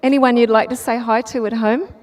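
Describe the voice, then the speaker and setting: A woman's voice: a little high, fairly even intonation, brisk. A woman interviewing a driver trackside, upbeat and encouraging in her questions. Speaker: pit-lane interviewer.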